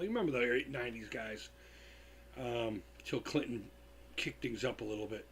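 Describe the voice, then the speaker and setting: A man's voice: medium pitch, normal speed, gravelly, fairly bright tone, slight background noise. A tired man hosting a live stream, telling stories in a loose, profane, casual way. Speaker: livestream host.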